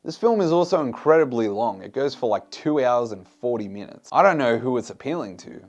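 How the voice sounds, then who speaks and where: A man's voice: mid-range voice, lively intonation, brisk. Blunt, swearing male film reviewer. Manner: blunt, exasperated, swears freely.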